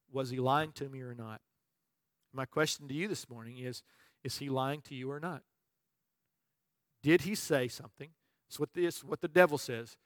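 Male pastor mid-sermon, chatty storyteller who drops softly for emphasis; middle pitch, dry sound. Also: dry recording. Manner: personal storytelling, conversational with frequent restarts.

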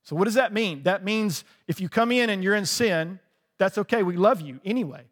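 A man's voice: sits high, expressive, a little fast, big-room sound. A male pastor preaching a sermon in a conversational way, often checking in with the listeners and laughing lightly.

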